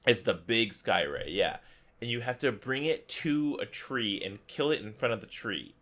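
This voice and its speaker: Lively joking man co-hosting a podcast. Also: lowish voice, normal speed. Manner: playful, laughs often, jokey asides. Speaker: podcast co-host. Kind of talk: casual gaming podcast chat.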